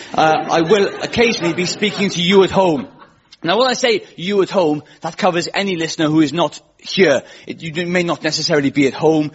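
A man's voice: fairly high pitch, some chatter behind, slight background noise. Rambling Welsh comedian in his twenties. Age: 20s. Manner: self-deprecating, rambling, quick asides. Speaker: comedy show host. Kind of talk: stand-up monologue on radio. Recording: lo-fi radio studio with audience laughter. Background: studio audience laughing.

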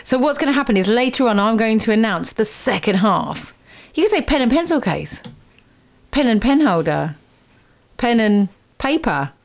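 A woman's voice: a little high, very animated, moderate pace. A woman hosting a radio show in a studio, chatty and teasing as she quizzes her guests. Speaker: radio host.

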